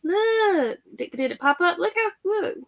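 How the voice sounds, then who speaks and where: Woman, middle-aged, high voice, chatty and rambling, livestream host. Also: expressive, unhurried. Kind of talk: casual chat reading live comments.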